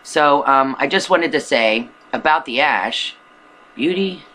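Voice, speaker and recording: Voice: mid-range voice, lively intonation, slow, sharp tone, a little hiss or hum, rough recording. A video blogger talking to the camera in a rambling, earnest way, full of restarts, from a rural home. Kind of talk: casual monologue to camera.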